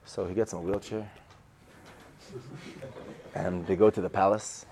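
An unhurried man with a low-pitched, darkish voice and level intonation narrates a Torah parable over slight background noise. His sermon feels like casual storytelling, full of repeated phrases and acted-out quotations delivered in a chatty way.

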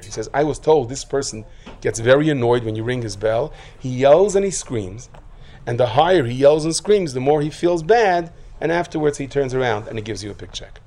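A man preaching a sermon, his voice at an ordinary middle pitch. He spins stories and jokes, acting out the people in them and building to loud peaks. A faint noise sits under the recording. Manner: lively storyteller who acts out quotes, rising to loud outbursts. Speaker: rabbi giving a talk.

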